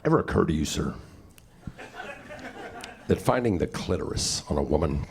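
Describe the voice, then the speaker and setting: Middle-aged male stand-up, gravelly, low-ish, lively delivery, noisy club recording. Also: moderate pace. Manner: wry, rambling, opinionated. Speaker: stand-up comedian. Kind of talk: stand-up comedy set. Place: comedy club stage.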